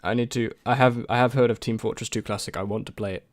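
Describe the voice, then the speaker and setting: A man's voice: mid-range voice, fairly even intonation, fast, no echo, studio quality. A young man and YouTube creator in casual chat, answering viewer questions in a rambling, hesitant way with many restarts.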